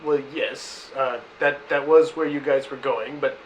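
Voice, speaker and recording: A man's voice: medium pitch, fairly even intonation, a little slow, natural voice. A man playing a courteous, fussy adventurer who stammers and apologizes at a tabletop game. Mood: polite. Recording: noisy room.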